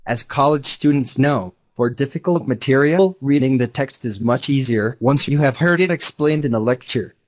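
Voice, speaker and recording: A text-to-speech male voice giving a measured, explanatory scripted lesson narration. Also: mid-range voice. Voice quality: even synthetic delivery.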